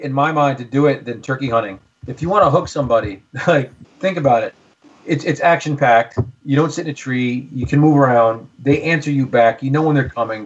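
A man in his thirties, a podcast guest, telling hunting stories in an eager, rambling way, often repeating words as he thinks. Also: mid-range voice. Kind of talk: casual storytelling. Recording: slightly dull lo-fi audio.

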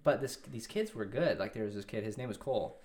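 Young man, low voice, rambling storyteller. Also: lively intonation, fast, darkish tone. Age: 20s. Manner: rambling, with many restarts and quoted dialogue. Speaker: guest. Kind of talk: casual storytelling interview.

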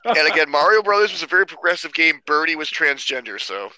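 A man co-hosting a podcast, cracking wry, deadpan jokes and often stumbling over his words. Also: on the high side, fast, dry recording, rough recording. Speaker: podcast co-host. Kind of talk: casual podcast banter.

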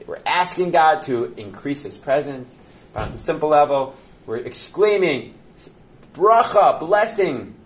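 A man's voice: medium pitch, a little hiss or hum. A man teaching a classroom Torah lesson, guiding his listeners emphatically and checking in with them as he goes. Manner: animated and emphatic, coaxing a group along with frequent "okay?".

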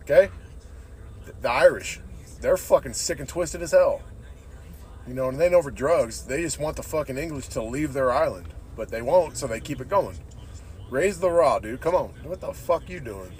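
A man's voice: mid-range voice, expressive, normal speed, darkish tone, a little hiss or hum. Profane laid-back man, podcast ramble. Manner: profane, laid-back, says "dude" constantly. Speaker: podcast host. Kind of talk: casual rambling monologue.

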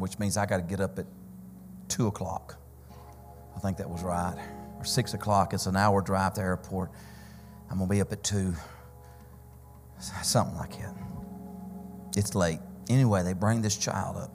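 A man preaching a Pentecostal sermon, telling testimony stories that build to shouting, sing-song peaks. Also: lowish voice. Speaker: visiting preacher. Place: church sanctuary. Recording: church hall reverb with keyboard music.

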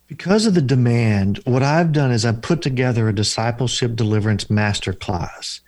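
A man who works as a deliverance minister and counselor tells stories during an interview, using an earnest, repetitive preaching cadence. His voice is medium-pitched and a little mellow, at normal speed, with no echo.

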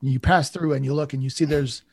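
Casting: husky-voiced man, casual game master narration, loose and rambling. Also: mid-range voice, fairly quick. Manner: relaxed, rambling, many fillers.

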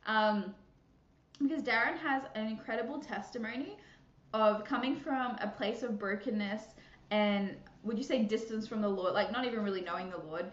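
A woman's voice: on the high side, moderate pace. A woman hosting a casual Christian podcast, bubbly and chatty, laughing often and filling gaps with fillers and restarts. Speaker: podcast host. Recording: echoey room, muffled sound.

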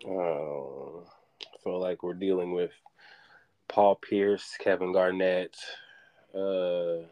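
A man with a fairly low voice, teasing his co-host in a loose, playful podcast chat. He mixes ribbing with sports talk and draws his points out. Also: darkish tone.

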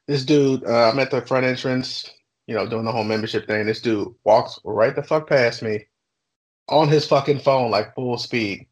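A young adult man casually telling a workplace story on a podcast, swearing freely and talking with animated energy. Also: medium pitch, normal speed, highs cut off. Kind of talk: casual chat.

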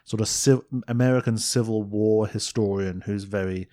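A man's voice: fairly low pitch, steady tone, moderate pace, dark tone. A man co-hosting a film podcast, chatting casually with jokes and frequent restarts. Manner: joking, rambling, with restarts. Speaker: podcast co-host.

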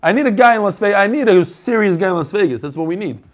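A fast-talking man with a high-pitched voice and lively intonation hosts an online learning group over video. His casual chat with the members includes jokes and greetings by name.

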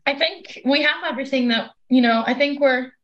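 A woman's voice: sits high, a little fast, a bit bright, muffled recording. A woman hosting a casual interview, chatty and teasing with her guest.

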